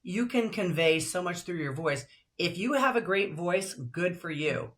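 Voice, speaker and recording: An older woman speaks in a deep alto, a little slowly, sounding lively and upbeat. She's a broadcaster and voiceover actress appearing as a guest in a casual interview.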